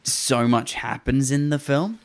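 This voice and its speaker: A man's voice: mid-range voice, unhurried. A man co-hosting a podcast, chiming in with short quips and frequent laughs in casual chat. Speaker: podcast co-host. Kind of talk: casual film discussion chat.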